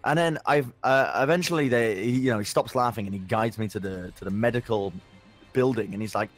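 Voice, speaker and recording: A young man telling a story in casual chat, animated and sweary, with lots of stumbling restarts. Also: mid-range voice, a little fast, soft background music. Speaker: podcast co-host.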